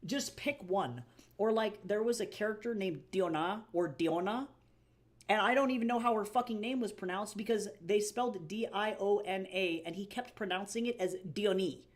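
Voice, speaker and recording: A woman livestreams as an artist, chatting casually with viewers in a mid-range voice at a moderate pace. She swears freely and rants with exasperation.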